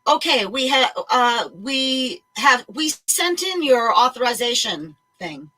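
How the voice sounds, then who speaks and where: A woman's voice: a little high, lively intonation, slow pace, bright, forceful tone, pitched above the performer's own voice, exaggerated voice. A woman voicing a meek female clinic receptionist who stammers and hesitates. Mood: flustered.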